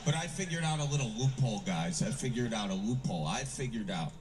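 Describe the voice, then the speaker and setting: A man's voice: medium pitch, animated, fast, a little mellow, soft background music. A man from the American Midwest performing a self-deprecating stand-up routine with punchy asides. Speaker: stand-up comedian. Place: comedy stage before a live audience. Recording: distant stage mic with hiss.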